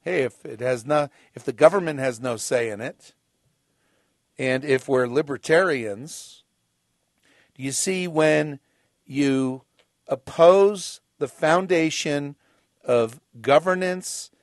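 A man's voice: on the high side, slow pace, dry recording, studio quality. A man hosting a radio show, delivering emphatic, sarcastic political and moral commentary like a sermon. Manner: emphatic, sarcastic, mimics opponents in quotes.

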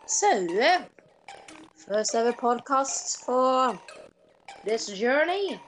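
A young woman hosting a podcast, talking fast in crude, joking casual chat. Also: high-pitched, very animated, a little hiss or hum. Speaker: podcast host. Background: music.

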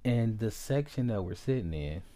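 A man in his forties from Ohio, hosting a podcast and telling a personal story, unhurried and halting, with frequent restarts. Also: on the low side, lively intonation, dark tone. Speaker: podcast host.

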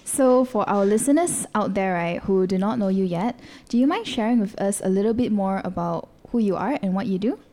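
Lady cohost, mid pitch, lots of wows and oohs. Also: expressive, brisk, few pauses, warm tone. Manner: reacts with short exclamations. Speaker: podcast co-host. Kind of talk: casual interview.

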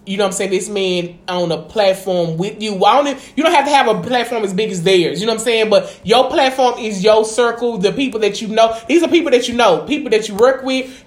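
A woman chatting casually as a podcast co-host, peppering everything with "you know what I'm saying" and swearing freely. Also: mid-range voice. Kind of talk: casual chat. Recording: echoey room.

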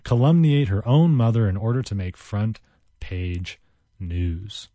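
A man's voice: on the low side, expressive, measured pace, warm tone, no room sound. A man giving a casual vocabulary lesson, chatty, wandering into tangents and repeating each word several times. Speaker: vocabulary teacher.

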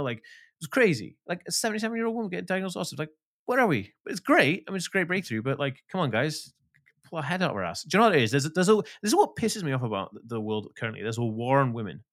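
Fast-talking, swearing man. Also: mid-range voice. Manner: swears often, animated and emphatic. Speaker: podcast guest. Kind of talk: casual interview talk.

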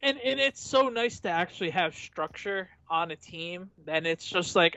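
A man's voice: sits high, animated, moderate pace, pushed and bright, muffled recording. A man in casual sports chat, mostly chiming in with short agreeing replies.

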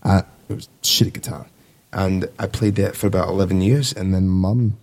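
A young man in his twenties speaks low in a gravelly voice with a Midwestern American accent. He talks in a relaxed, rambling way, easy and unhurried. He sounds like a Navy sailor chatting casually about himself. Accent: Midwestern American, put-on. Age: 20s. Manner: relaxed, rambling, laughs easily. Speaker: guest, Navy sailor and guitarist. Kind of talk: casual interview chat.

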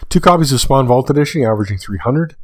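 Male podcast host, casual list-reading delivery with quick asides, close and dry sound. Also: mid-range voice, expressive, no room sound. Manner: casual, reads through price lists with offhand asides. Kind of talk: solo podcast monologue.

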